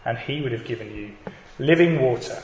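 A man voicing Jesus as a calm, knowing man, in an earnest, measured scripture retelling. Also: medium pitch, natural voice. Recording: dull echoey hall with faint noise.

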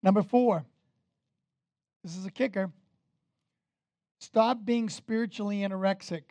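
A man's voice: high voice, a little slow, long pauses, dry recording. A man preaching a sermon, emphatic and direct, asking the congregation questions as he goes. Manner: emphatic, rises and falls in loudness, talks straight to the congregation.

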